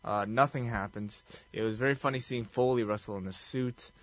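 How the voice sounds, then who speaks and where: A man's voice: mid-range voice, steady tone, brisk, no room sound. A man co-hosting a podcast, chatting in a laid-back, rambling way with lots of fillers. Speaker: podcast co-host. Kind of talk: casual recap chat.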